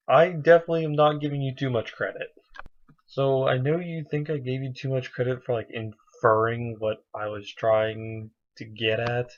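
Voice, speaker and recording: A young man talking straight to the camera, earnest and a bit rambling, circling back on his own thoughts. His voice sits at an ordinary middle pitch. The sound is slightly dull and lo-fi. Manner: rambling and earnest, many fillers. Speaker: vlogger. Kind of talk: casual video diary.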